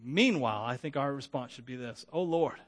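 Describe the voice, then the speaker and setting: A man preaching a sermon, conversational and lively, acting out the voices of the people in his text and joking with his listeners. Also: mid-range voice, fairly quick, faint music behind. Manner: animated, acts out biblical voices. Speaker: pastor.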